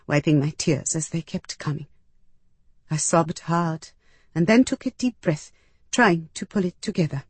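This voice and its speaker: A woman's voice: low voice, darkish tone, breathy edge, no room sound. A woman narrating a story in the first person, with intimate, emotional delivery and acted dialogue. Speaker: audiobook narrator.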